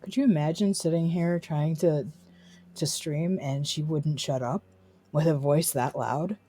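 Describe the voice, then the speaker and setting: A woman's voice: deep voice, steady tone, a little slow, dark tone, husky. A woman streaming a game from her desk at home, chatting casually and slipping into baby talk with her dog. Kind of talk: casual chat while streaming.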